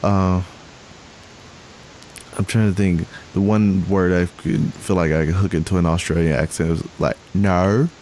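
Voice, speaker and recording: A man's voice: low-pitched, fairly even intonation, normal speed, long pauses, a little mellow. A young man co-hosting a podcast in casual chat, rambling with restarts and frequent laughter. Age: young adult. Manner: rambling, self-correcting, laughs often. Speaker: podcast co-host. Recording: faint hiss.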